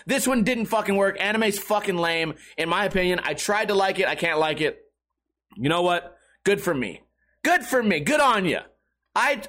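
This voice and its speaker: A man's voice: high-pitched, bright, forceful tone. Profane, sarcastic middle-aged man ranting. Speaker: podcast host. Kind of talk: casual ranting monologue.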